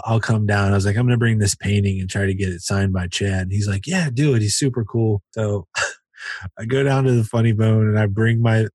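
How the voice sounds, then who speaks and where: A man from Cincinnati, a stand-up comedian, telling an animated story in casual chat and acting out the voices in it. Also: on the low side, no echo. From Cincinnati, USA. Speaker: comedian guest.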